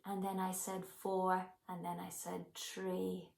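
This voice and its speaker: A woman's voice: lowish voice, monotone, unhurried, creaky, a little mellow. A middle-aged Irish woman, a hypnotherapy teacher, telling a candid personal story in a reflective way. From Ireland. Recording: roomy echo.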